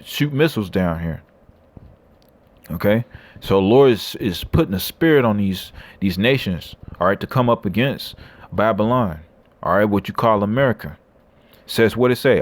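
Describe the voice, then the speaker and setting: A man's voice: fairly low pitch, no room sound. A man preaching and reading scripture aloud, blunt and coarse, tagging lines with "man" and "all right". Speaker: street preacher.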